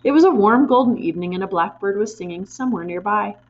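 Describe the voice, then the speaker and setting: A woman reading a children's storybook aloud in an expressive way, pointing out the pictures as she goes. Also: mid-range voice, fast, highs cut off.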